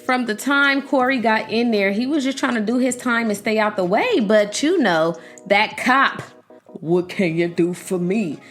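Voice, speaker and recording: A young woman hosting a podcast, giving animated, outspoken commentary straight to her listeners. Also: on the high side, normal speed, few pauses, faint music behind. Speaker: podcast host. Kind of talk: casual commentary to her audience.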